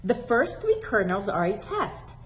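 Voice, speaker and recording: A gentle, patient grandmother from a children's storybook, as a woman reading aloud puts her on. She speaks calmly and soothingly, with a lively, sing-song rise and fall. Her pace is slow and unhurried. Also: mid-range voice. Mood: cheerful.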